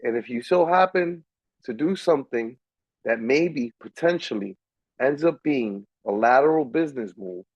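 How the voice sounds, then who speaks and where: A man's voice: medium pitch, animated, moderate pace, a little mellow, husky, dry recording, dull audio. An American man co-hosting a casual live stream, lecturing profanely and with lots of energy. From United States. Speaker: stream co-host.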